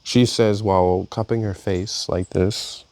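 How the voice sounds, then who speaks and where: A young man casually reading his personal journal aloud, telling a story with halting restarts. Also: fairly low pitch, steady tone, darkish tone, no echo. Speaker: vlogger.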